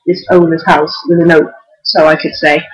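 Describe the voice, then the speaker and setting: A woman's voice: deep voice, little pitch movement, moderate pace, slightly rough, low-quality recording. A young woman vlogging, telling a story in a chatty, giggly way full of "like" and restarts. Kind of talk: casual storytelling to camera.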